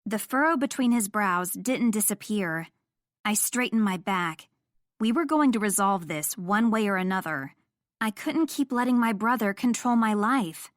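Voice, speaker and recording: A woman's voice: medium pitch, expressive, a little slow, no room sound, clean studio sound. A young woman narrating a first-person romance audiobook in an intimate storytelling manner.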